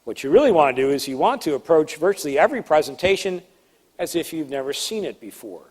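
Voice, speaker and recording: A man giving a presentation-skills seminar in a lively, emphatic, conversational way with playful asides. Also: on the high side, fast. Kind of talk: live seminar talk. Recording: long hall reverb.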